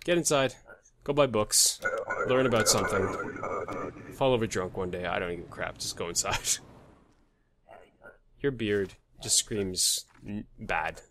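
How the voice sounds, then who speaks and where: A man's voice: lowish voice, measured pace, long pauses, background noise. A man hosting a let's play, joking crudely and muttering names and numbers while he plays. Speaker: gaming channel host.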